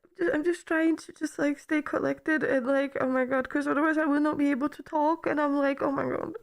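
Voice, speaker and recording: A woman's voice: sits high, steady tone, a little fast, vocal fry. A woman streamer in casual reaction-stream chat, gushing and emotional, repeating her thanks over and over.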